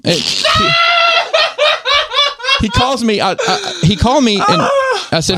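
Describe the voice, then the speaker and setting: A man's voice: high-pitched, wildly swooping pitch, unhurried, gravelly, long pauses, shouting, very noisy. A man co-hosting a podcast, telling a story in casual chat and acting out both sides of a conversation in quoted voices. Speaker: podcast co-host.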